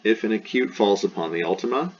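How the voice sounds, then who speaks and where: A man teaching a recorded lesson, spelling out terms slowly and showing real enthusiasm for the words. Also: fairly low pitch. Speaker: Greek teacher. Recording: dull lo-fi recording with faint hiss.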